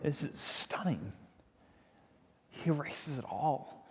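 A man's voice: on the high side, expressive, takes it slowly, a little hiss or hum. A male pastor giving a sermon in a conversational, emphatic storytelling manner. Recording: long reverb of a large hall.

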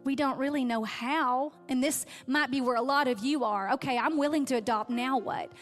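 A woman's voice: sits high, moderate pace, soft background music. A woman giving a heartfelt sermon testimony, her voice catching with emotion as she tells her story.

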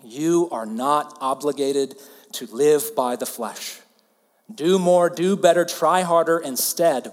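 A man in his thirties from Alabama with a Southern US accent, preaching a sermon earnestly and dropping to hushed softness for emphasis. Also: on the high side, in a large hall. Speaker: pastor.

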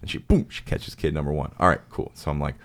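A man's voice: a bass voice, fairly even intonation, fast. A young man hosting a podcast, telling rambling jokey stories and acting out little voices. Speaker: podcast host. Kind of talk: casual chat.

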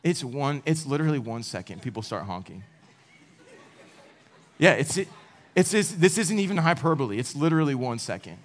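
A man's voice: medium pitch, lively intonation, normal speed, pauses often. A young man in his twenties giving a casual, self-deprecating sermon to college students, laughing now and then at his own stories. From United States. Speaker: campus speaker.

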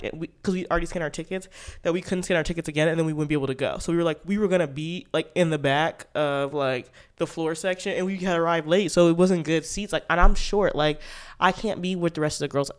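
A young man telling a long story to camera in casual vlog chat, animated and full of "like" fillers. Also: on the high side, smooth. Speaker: vlogger.

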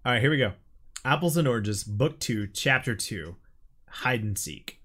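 A man's voice: mid-range voice, expressive, normal speed, fairly bright tone. A man co-hosting a casual podcast, reading out his old script, who swears casually and laughs often.

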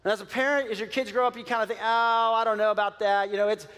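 A man, a pastor, preaching a sermon in a conversational, animated way with many fillers and restarts. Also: high voice, quick pace, clear, resonant tone, long reverb tail. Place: church sanctuary.

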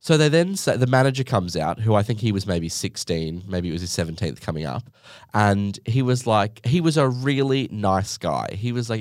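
Young Australian man, podcast host, lively sarcastic storyteller with a low voice and a dry, close sound. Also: moderate pace, dry recording. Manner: animated, sarcastic, acts out others in high mocking voices. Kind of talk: casual storytelling monologue.

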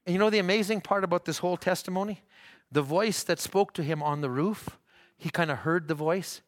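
Fervent preacher man, high voice. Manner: fervent, rising to shouts, halting restarts. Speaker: pastor. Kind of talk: sermon. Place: church.

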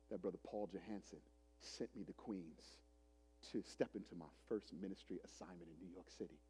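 A man in his forties preaching a sermon as a pastor, telling a story dramatically, swinging from loud preaching to hushed retelling. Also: on the low side, husky. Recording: long hall reverb.

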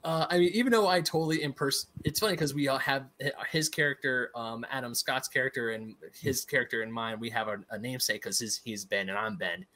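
A man's voice: medium pitch, a little fast, hardly any pauses, sharp tone. A man co-hosting a podcast, chatting with an enthusiastic, rambling manner. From United States. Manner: enthusiastic, rambling, self-described nerd. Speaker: podcast co-host. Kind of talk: casual chat.

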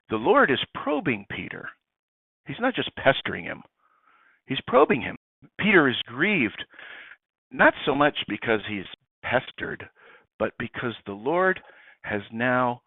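A priest telling a story in a lively way, acting out the dialogue. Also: male voice, medium pitch, no echo. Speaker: priest guest. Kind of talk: animated conversational reflection. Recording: tinny phone-like sound, dry.

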